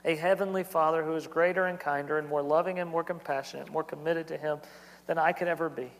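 A man's voice: on the high side, fairly even intonation, fast talker. A man in his thirties preaching a sermon as pastor, earnest and repetitive in his cadence. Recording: long hall reverb.

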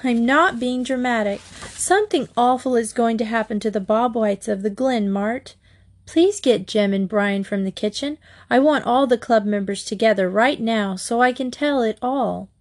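A woman voicing an excitable teenage girl who speaks in a breathless, urgent and emphatic way. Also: on the high side, normal speed, natural voice.

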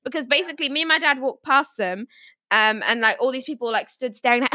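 Giggly woman rambling thru a story on a podcast, high voice, dry close sound. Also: a little fast, pushed and bright, no echo. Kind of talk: casual podcast chat.

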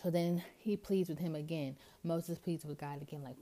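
A woman's voice: low voice, steady tone, moderate pace, hardly any pauses, mellow. A woman hosting a podcast, reading scripture and explaining it in a chatty way full of fillers. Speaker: podcast host. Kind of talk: casual scripture reading and commentary.

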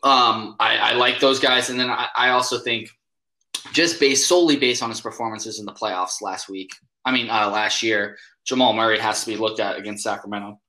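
Man, co-host, casual sports chat, hesitant, lots of ums, bright voice, echoey room. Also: fairly low pitch, steady tone, normal speed. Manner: hesitant, many ums, self-correcting.

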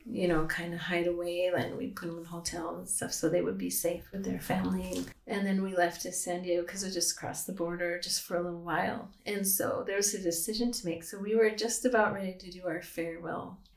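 A woman's voice: on the low side, little pitch movement, brisk, gravelly, few pauses, roomy sound. A woman telling a long story in a casual chat, rambling with many fillers. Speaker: guest, pastor's wife.

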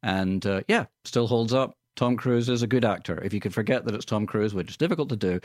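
Low-voiced man chatting on radio. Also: fairly quick, darkish tone, no room sound, studio quality. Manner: wry, chatty, puts on silly voices in retellings. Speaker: radio film reviewer. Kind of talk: casual radio chat. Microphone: studio microphone.

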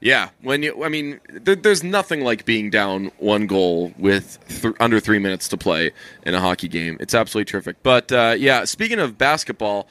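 A young man co-hosting a podcast in casual chat, rambling and swearing freely with deadpan teasing. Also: lowish voice, normal speed, no room sound. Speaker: podcast co-host.

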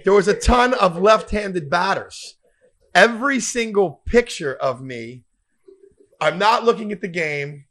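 A man's voice: high voice, expressive, a little slow, fairly bright tone. A man hosting a comedy podcast who tells a rambling story with lots of profanity.

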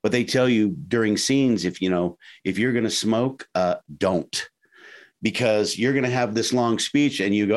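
Animated nasal-voiced man. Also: fairly low pitch, normal speed. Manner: animated, acts out quotes in shifting voices. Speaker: actor guest. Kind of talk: casual interview chat.

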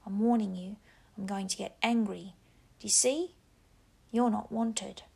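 A woman's voice: medium pitch, normal speed, vocal fry, darkish tone, breathy edge, heavily acted. A woman voicing a talking pig's head that taunts like a stern schoolmaster, in a whispered reading. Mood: threatening. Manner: taunting, patronizing, rising to angry threats.

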